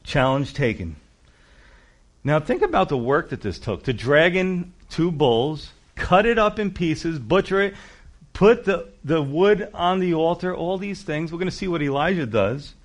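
A male pastor preaching a sermon with emphatic, animated delivery and conversational asides. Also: on the high side, unhurried.

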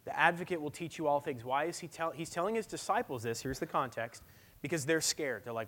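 A man's voice: fairly high pitch, a little fast, fairly bright tone. Conversational man preaching a sermon. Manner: conversational, emphatic preaching with personal stories. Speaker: pastor.

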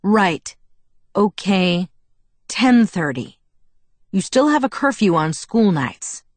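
A woman reading the part of a sullen, gruff middle-aged father in an audiobook, with curt, grumbling lines. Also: medium pitch, big pitch swings, takes it slowly, no echo.

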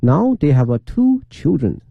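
A man's voice: fairly high pitch, sing-song, a little slow, vocal fry, no echo, dull audio. A man presenting a radio program, reading a scripted feature story.

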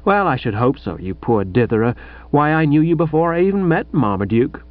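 A man voicing a brash young society woman who scolds sharply and quickly, in a slightly muffled audiobook recording. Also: fairly high pitch, big pitch swings, no room sound. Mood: cordial.

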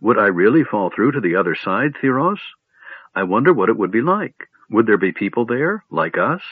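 A man's voice: lowish voice, sing-song, normal speed, slightly rough, dry recording. Curious small kender, read by a man, breathless and eager, storybook, phone-thin sound. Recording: tinny phone-like audio.

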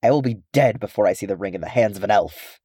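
A proud dwarf king, as a man reads him, stern and forceful. Low and dark, recorded close and dry. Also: quick pace, slightly rough, dry recording.

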